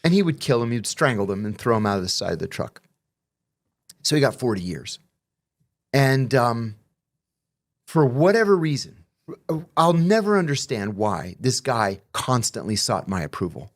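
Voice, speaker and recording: A middle-aged man telling stories in a loose, conversational way. His pitch swings widely as he acts out the quoted back-and-forth, and he swears freely. The delivery is lively and animated. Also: moderate pace, pauses often. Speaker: guest telling prison stories. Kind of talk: casual storytelling conversation.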